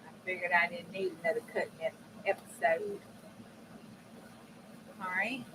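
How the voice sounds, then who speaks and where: A woman's voice: lowish voice, moderate pace. A woman hosting a crafting video, chatting folksy and direct to her viewers as she works at a home craft table. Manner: folksy, chatty, talks straight to viewers with dialect phrasing. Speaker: crafting channel host. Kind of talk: casual crafting chat while working. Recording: steady background noise.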